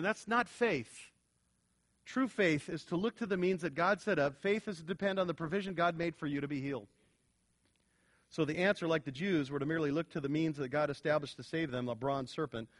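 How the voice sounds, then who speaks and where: A middle-aged male pastor preaching a sermon, swinging from loud, emphatic stretches to quiet, earnest ones. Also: mid-range voice.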